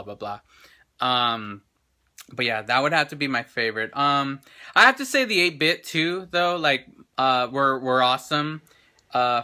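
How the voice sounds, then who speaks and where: A man's voice: mid-range voice, sharp tone. A man in his thirties hosting a casual vlog chat, rambling and enthusiastic with lots of restarts, recorded on a handheld camera in an indoor gallery. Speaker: show host.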